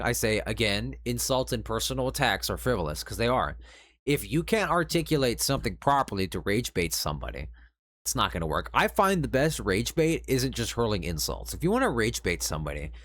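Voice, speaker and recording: Deep-voiced man, scornful and lively. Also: dry recording. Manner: sarcastic, lecturing, scornful; sighs in exasperation. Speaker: streamer reviewing an online argument. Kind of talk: casual commentary reading out messages.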